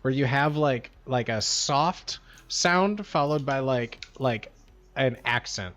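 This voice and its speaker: A man's voice: medium pitch, lively intonation, slow, fairly bright tone. A man chatting casually on a livestream, rambling and slangy and full of "like" and "bro.". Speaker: livestream streamer. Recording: dull lo-fi sound with faint music.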